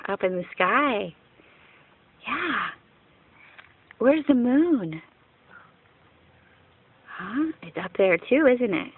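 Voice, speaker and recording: A woman speaks slowly to her toddler in a fairly high, coaxing voice, full of patient questions and gentle praise. The sound is tinny and narrow, like an old home video through a phone line. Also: animated, a little hiss or hum. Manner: slow, encouraging, questioning. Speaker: parent filming her small children. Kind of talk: coaxing baby talk.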